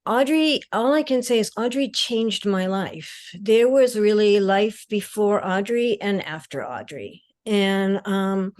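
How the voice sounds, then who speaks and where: Woman poet talking real slow on a video call, smooth clear voice, some ums. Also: medium pitch, animated, darkish tone. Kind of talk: conversational remarks on a video call.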